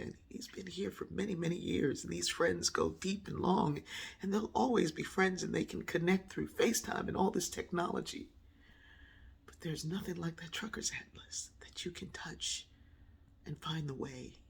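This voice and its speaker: A woman's voice: low voice, creaky, husky. A woman telling a personal story in a reflective monologue, acting out voices when she quotes people. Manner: animated, acts out voices in quoted dialogue.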